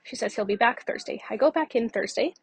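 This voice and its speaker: A woman's voice: a little high, fairly quick, vocal fry, husky. A woman podcast host telling her own story in a candid, conversational way with frequent fillers. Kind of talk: personal storytelling monologue.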